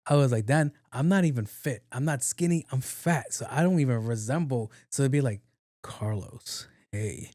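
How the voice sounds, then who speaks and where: A middle-aged man, hosting a podcast and telling casual stories, profane and animated, laughing often. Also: mid-range voice, brisk, few pauses, no room sound, clean studio sound. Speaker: podcast host. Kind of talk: casual storytelling monologue.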